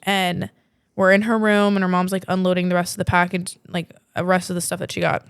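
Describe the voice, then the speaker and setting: Young woman podcast host rambling through a story, lots of "like" and cussing, smooth voice, dry sound. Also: lowish voice, flat delivery, fairly quick, dry recording. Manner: chatty, peppered with "like" and swearing. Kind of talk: casual storytelling.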